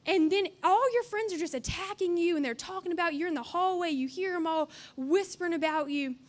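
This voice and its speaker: Young woman, high-pitched, conversational youth sermon, earnest, playful asides. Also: brisk. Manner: chatty and earnest, with playful asides and acted-out dialogue. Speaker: youth camp speaker.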